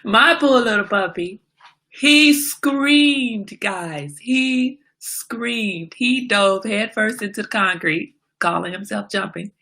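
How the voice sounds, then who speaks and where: Speaking slowly in a mid-range voice, a woman hosting a relaxed livestream narrates a story with animated delivery, stopping to greet viewers and reply to comments.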